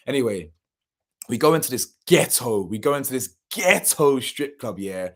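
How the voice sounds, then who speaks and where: A man's voice: mid-range voice, very animated, fairly quick, a bit bright. A young man, telling a story casually and animatedly, full of slang and swearing, acting out what people said. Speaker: channel host.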